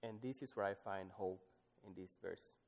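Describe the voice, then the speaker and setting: A man's voice: sits low, normal speed. Man preaching in a reverberant hall. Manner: swings from loud emphatic scripture reading to soft, hushed asides. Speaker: pastor. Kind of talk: sermon.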